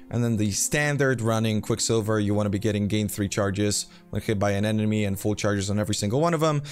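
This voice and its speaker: A man's voice: on the low side, fairly even intonation, quick pace, hardly any pauses, darkish tone, soft background music. A man casually walking through a game character build, rambling with fillers and self-deprecating asides. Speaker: game build guide host. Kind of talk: casual gameplay guide commentary.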